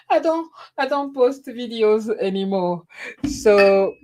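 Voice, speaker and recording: A woman's voice: fairly high pitch, animated, slow pace, darkish tone, a little hiss or hum. A middle-aged woman, chatting casually and laughing at herself on her live stream. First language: French. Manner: chatty, laughing, self-deprecating. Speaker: YouTube host.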